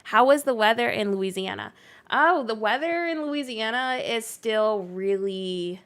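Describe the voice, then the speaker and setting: A woman's voice: fairly high pitch, lively intonation, a little slow, a bit bright. A woman streamer with a mixed Canadian and Southern US accent, chatting casually while she plays and reads out viewer comments. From near Canada. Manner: chatty, reads chat aloud, frequent likes and laughs. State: recovering from illness. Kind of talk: casual chat while gaming. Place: home.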